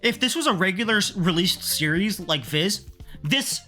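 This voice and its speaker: A man talking casually in a haul vlog, excitable and quick to get heated, swearing freely as he rants. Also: high-pitched, faint music behind. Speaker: manga collector vlogger.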